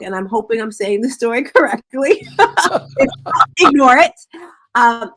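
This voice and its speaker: A woman author talking about her book in an interview, telling stories in an animated, upbeat way. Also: on the high side. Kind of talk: casual interview talk.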